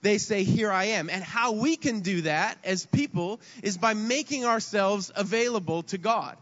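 Male pastor, high voice, earnest sermon, dull reverberant hall recording. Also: normal speed, fairly bright tone. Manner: earnest, repeats words as he speaks.

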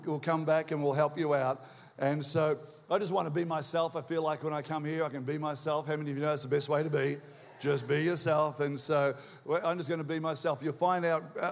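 A high-voiced Australian man preaching a sermon, quick and energetic as he rouses the congregation. His voice rings out with a long reverb from the church around him. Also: a little hiss or hum. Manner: energetic, rousing call-and-response with the crowd; talks quickly. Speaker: visiting preacher.

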